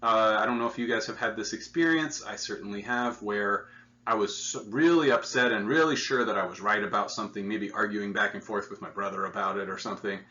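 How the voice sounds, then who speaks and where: A man's voice: lowish voice, fairly quick, bright, forceful tone, muffled recording. A man teaching hospital staff in an earnest, explanatory lecture, often repeating himself as he works through each point. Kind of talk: instructional training lecture.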